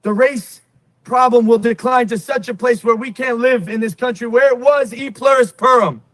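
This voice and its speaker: A man delivering a rally speech with insistent, declamatory force. His voice is very high for a man and sounds dry, with no room around it. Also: steady tone, normal speed, no echo. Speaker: protest speaker.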